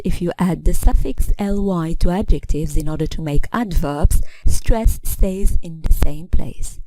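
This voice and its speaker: Deliberate woman teaching English stress. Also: fairly low pitch, warm tone, dry recording, low-quality recording. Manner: clear, deliberate, slows down to model example words. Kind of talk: scripted instructional narration.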